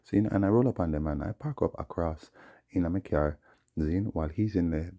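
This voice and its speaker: A man's voice: sits low, moderate pace, warm tone, muffled recording. A man, ranting in a rambling, indignant monologue full of muttered asides. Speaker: vlogger.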